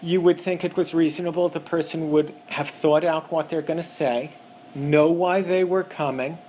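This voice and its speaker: A man gives an animated lecture to a class, his voice sitting slightly high. He breaks into quick impressions of callers to make his points. A faint hiss of room noise runs underneath. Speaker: acupuncture teacher. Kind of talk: lecture with acted examples.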